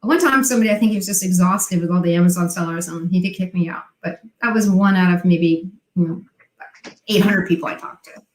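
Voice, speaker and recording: A woman's voice: lowish voice, brisk, slight background noise. A middle-aged woman, a guest on an interview show, telling her story and acting out remembered dialogue in quoted voices. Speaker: guest, online seller. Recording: echoey room sound.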